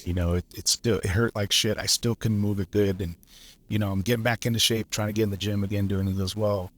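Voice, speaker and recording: A man's voice: fairly low pitch, steady tone, quick pace. A man, a lineman guest from Los Angeles, telling stories in a laid-back way, swearing freely and laughing as he goes. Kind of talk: casual storytelling.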